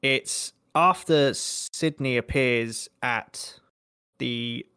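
A man's voice: mid-range voice, very slow, sharp tone, smooth, no room sound, studio quality. A man co-hosting a horror film podcast, chatting casually and often acting out what people said. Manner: chatty, slips into mimicking people. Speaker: podcast co-host.

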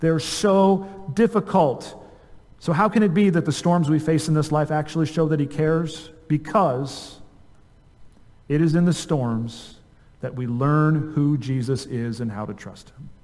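Male pastor, sermon, fairly high voice, earnest rhetorical questions, long church-hall reverb. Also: measured pace. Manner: earnest preaching, rhetorical questions, drops soft on key words. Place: church sanctuary.

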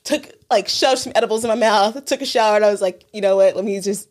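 A woman's voice: mid-range voice, fast. A woman telling a story in casual podcast chat, profane and exasperated, laughing often. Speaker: podcast co-host.

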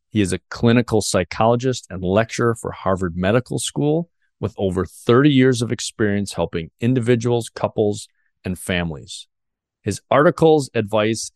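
A man's voice: lowish voice, no echo, clean studio sound. A man hosting a podcast interview, telling a personal story earnestly with frequent restarts. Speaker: podcast host.

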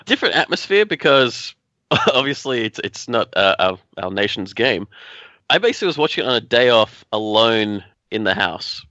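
A relaxed man chats in a rambling, easy way. His voice is bright and forward, heard dry through dull, muffled remote audio. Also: fairly low pitch, moderate pace, dry recording. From Australia. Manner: relaxed, rambling, light laughs. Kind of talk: casual chat.

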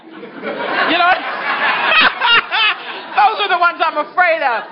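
A woman sharing her story with an audience at a recovery meeting, animated and laughing as she talks. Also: high voice, unhurried. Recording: dull recording with a crowd behind.

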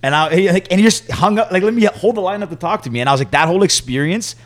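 A man co-hosting a podcast, chatting casually and telling an animated story from Canada. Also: sits high, rapid-fire. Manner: storytelling, animated retelling with quoted voices. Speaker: podcast co-host. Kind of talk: casual chat.

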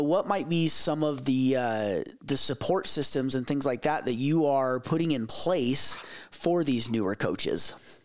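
A man hosting a podcast interview, affirming his guest and asking long, meandering questions full of fillers. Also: medium pitch. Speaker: podcast host.

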